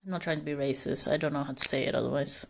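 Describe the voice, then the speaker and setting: A woman livestreaming on a walk through a forest, chatting casually to viewers in a rambling, swearing way. She is cold, and her voice rises and falls in loudness as she walks. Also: rumbling low, steady tone, very fast, vocal fry. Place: outdoors in a forest.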